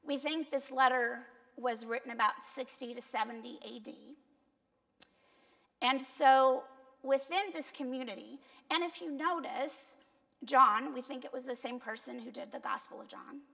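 A woman's voice: high-pitched, vocal fry, a bit bright. A woman pastor with a Cuban accent giving a conversational sermon, asking the congregation questions and poking fun at herself. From Cuba. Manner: conversational, self-deprecating, asks the congregation. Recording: church hall reverb.

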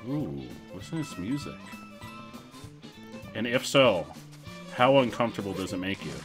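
A young man streaming a video game, commenting casually in an excitable, jokey way. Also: lowish voice, moderate pace, soft background music.

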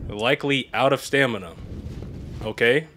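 A man live streaming a video game, chatting casually and reacting loudly with sudden high exclamations. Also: normal speed, noisy background. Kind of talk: casual gaming commentary. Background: game music.

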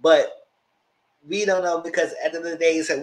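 A man giving a casual, animated recap of a reality show, acting out quotes in a squealing high voice and breaking into loud laughs. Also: brisk, pauses often, poor audio. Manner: loud laughs and shouted asides. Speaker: TV show reviewer.

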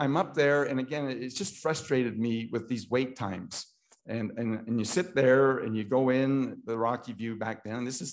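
A middle-aged Canadian man giving an impassioned talk at a political meeting, repeating himself and restarting often as he grows emotional. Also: mid-range voice.

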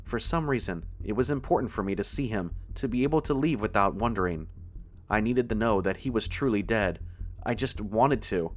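Man, horror story narrator, lowish voice, tense measured delivery. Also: animated.

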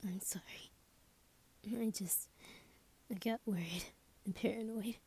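A worried, tender young woman, played by a woman, murmurs reassurance in a whispered role-play. Her voice is extremely breathy and husky, with a dark, mellow tone. She speaks softly and anxiously, checking again and again that her partner is all right. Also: mid-range voice, steady tone, unhurried. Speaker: ASMR role-play creator.

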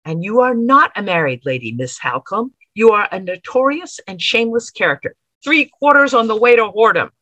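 A lecherous elderly lawyer , put on by a woman reader, speaks in a smooth, condescending drawl. The voice swings widely in pitch with a slightly breathy edge. The recording is dry and close. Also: animated, fairly quick, few pauses, sharp tone, dry recording, low-quality recording. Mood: contemptuous. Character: lecherous elderly male lawyer, oily and menacing.

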